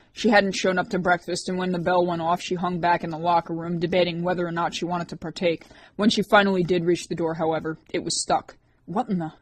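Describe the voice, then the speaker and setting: A woman narrating an audiobook in a steady, even reading voice. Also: on the low side, a little hiss or hum.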